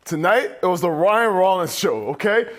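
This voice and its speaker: A man's voice: sits high, expressive, moderate pace, fairly bright tone. A former player turned basketball analyst, a man giving a loose, conversational game breakdown on a postgame show.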